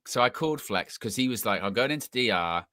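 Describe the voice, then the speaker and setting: A man's voice: fairly low pitch, lively intonation, brisk, noisy background. A young man co-hosting a casual football chat, telling stories with lots of restarts. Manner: chatty storyteller, repeats and restarts. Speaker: co-host.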